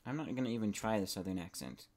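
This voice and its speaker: A young man rambling and musing aloud while playing a game, often trailing off mid-thought in a soft, casual voice. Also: on the low side, quick pace. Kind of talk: casual gaming commentary.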